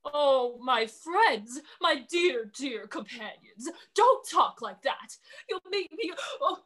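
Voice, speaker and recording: A woman's voice: lively intonation, slow, a bit bright, full character voice. A young woman acting a sly, cowardly male dragon in a school stage play, stammering and theatrical. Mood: pleading. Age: young adult. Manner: theatrical, stammering, sweeping pitch swings. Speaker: student actor.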